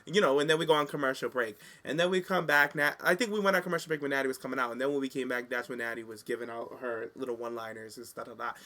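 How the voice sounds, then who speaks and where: Sassy, bright-voiced man recapping wrestling. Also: mid-range voice, racing, hardly any pauses. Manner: animated, sassy, acts out quotes. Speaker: podcast co-host. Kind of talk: casual chat recapping wrestling.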